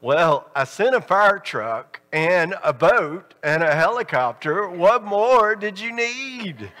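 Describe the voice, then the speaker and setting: A man's voice: very high voice, slow, sharp tone, clear, resonant tone, pitched above the performer's own voice, exaggerated voice. A man preacher voicing God as a patient, puzzled figure who urges people to accept rescue. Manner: urging, puzzled. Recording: reverberant church hall.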